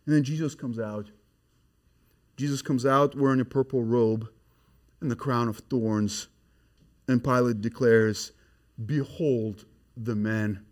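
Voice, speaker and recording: A man preaching an expository sermon, swinging from hushed, grave passages to loud, excited emphasis. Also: medium pitch, a little slow, pauses often.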